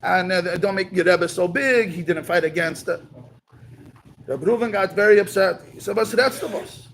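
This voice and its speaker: A man's voice: sits high, normal speed, fairly bright tone, a little hiss or hum, rough recording. A man giving a talk, telling a story at a community gathering and mixing in Yiddish and Hebrew words.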